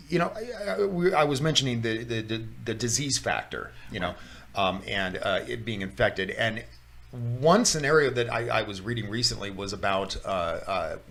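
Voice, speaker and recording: A man's voice: medium pitch, a bit bright. A man co-hosting a casual talk show, rambling with frequent restarts and laughter. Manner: rambling, restarts often, laughs while talking. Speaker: podcast co-host. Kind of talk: casual chat.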